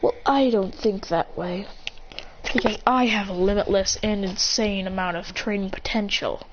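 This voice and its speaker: A woman's voice: medium pitch, steady tone, moderate pace, background noise, close to an everyday voice. A woman voicing a cold, arrogant young male ninja who taunts and dismisses his foes, on a dull lo-fi recording. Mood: dismissive taunting.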